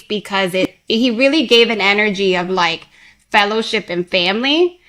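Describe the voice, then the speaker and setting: A woman's voice: medium pitch, moderate pace, a bit bright. A woman from Connecticut hosting an interview, asking long rambling questions in casual chat and laughing often. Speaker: podcast host.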